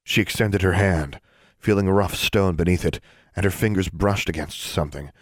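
Man, very low voice, audiobook narration, even delivery. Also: moderate pace, no room sound. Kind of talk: scripted narration.

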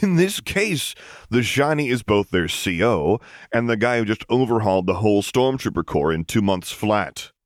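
A man's voice: lowish voice, very animated, moderate pace, no echo, clean studio sound, voice pushed up. Man voicing a blunt, exasperated second-in-command. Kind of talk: audiobook reading of fan fiction.

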